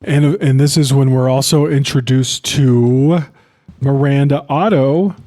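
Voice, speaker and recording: A man's voice: medium pitch, unhurried, warm tone. A young man co-hosting a podcast, chatting loosely about a film and swearing often. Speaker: podcast co-host. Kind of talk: casual film discussion.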